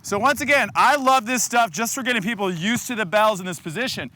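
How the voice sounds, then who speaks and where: A man coaching a group through a follow-along kettlebell workout, giving energetic cues and counting down the seconds. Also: high voice, brisk, background noise. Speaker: fitness coach.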